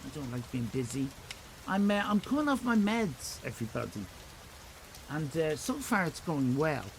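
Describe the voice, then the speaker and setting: Irish guy rambling on stream, gravelly, voice bounces all over, bit of rain behind. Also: on the high side, sing-song, a little hiss or hum, rough recording. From Ireland. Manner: rambling, self-mocking, quick jokey asides to chat. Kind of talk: casual live-stream chat.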